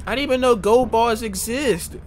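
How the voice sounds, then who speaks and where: Very high-voiced man gaming, noisy capture. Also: moderate pace. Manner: startled, repeating frantic questions. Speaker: gaming YouTuber host. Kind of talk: casual gaming voice chat.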